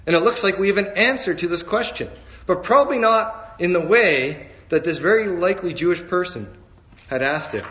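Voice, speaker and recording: A man preaching a sermon in a measured, emphatic way, slowing down to stress key phrases. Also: high voice, lively intonation, a bit bright, dull audio.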